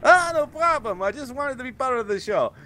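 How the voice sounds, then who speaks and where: A man's voice: very high-pitched, lively intonation, fairly quick, bright, forceful tone, slight background noise, exaggerated voice. A man voicing an ancient vampire count with a put-on foreign accent, theatrical and fussy, on a game stream voice chat. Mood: cheerful. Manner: grand put-on foreign accent, sweeping exclamations.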